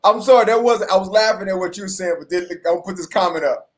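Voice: mid-range voice, fast talker, slight background noise. Easygoing host, joking and chatty. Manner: relaxed, joking, filler-heavy. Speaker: podcast host. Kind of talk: casual interview chat.

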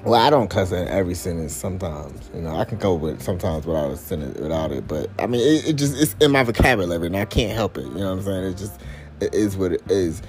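A man's voice: low voice, expressive, quick pace, faint music behind. A man hosting a casual commentary podcast, talking in a loose, rambling way with heavy swearing and constant fillers. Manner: profane, rambling, lots of fillers. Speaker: podcast host.

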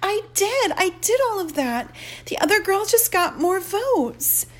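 A woman's voice: extremely high pitch, big pitch swings, a little slow, voice pushed up, heavily acted. Woman doing a tiny, tearful schoolgirl voice. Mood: small, sad. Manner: small childlike voice. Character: tough schoolgirl shrunk small and tearful.

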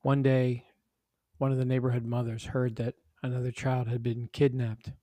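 A man's voice: medium pitch, level tone, moderate pace, dark tone, dry recording. Man reading a story aloud, dry sound.

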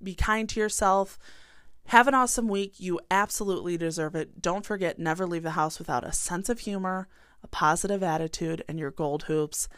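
A woman's voice: on the low side, fairly even intonation, brisk, dry recording, studio quality. Blunt, swearing woman podcast host. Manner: blunt, passionate, swears freely. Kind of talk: solo podcast rant and sign-off.

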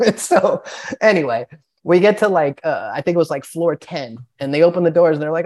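A man's voice: fairly high pitch, fairly quick, a little mellow. A young man telling a long personal story in a casual podcast chat, rambling and profane, with lots of filler words. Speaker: podcast guest.

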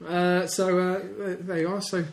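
A man's voice: high-pitched, level tone, a little slow, vocal fry. An English man co-hosting a podcast, talking casually, hesitant and giggly with many restarts. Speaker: podcast co-host. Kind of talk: casual chat. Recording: echoey room.

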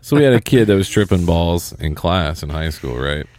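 Low-voiced blunt guy telling a story. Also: lively intonation, normal speed, a little mellow. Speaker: podcast co-host. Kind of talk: casual storytelling chat.

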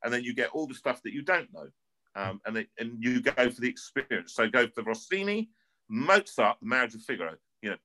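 A man's voice: mid-range voice, brisk, poor audio. A middle-aged man from North London with a North London accent, an opera singer telling stories in a casual interview and often repeating words as he goes. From North London, England. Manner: animated storyteller, repeats words as he talks.

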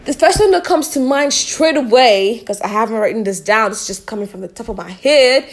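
A woman's voice: sits high, fairly bright tone. A young woman hosting a casual solo podcast, candid and profane, laughing often. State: a little out of breath. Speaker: podcast host.

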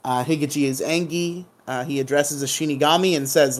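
A man hosts a podcast, recapping a TV episode in a casual, joking, irreverent style and humming silly sound effects. His voice is fairly high-pitched and steady in tone, and he speaks fairly quickly.

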